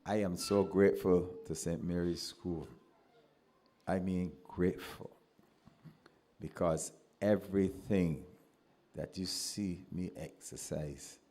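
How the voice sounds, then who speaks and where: A man with a Barbadian accent, a former pupil giving a speech at a ceremony, telling animated anecdotes and acting out the voices he quotes. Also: deep voice, takes it slowly, long pauses. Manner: animated storyteller who acts out quoted voices.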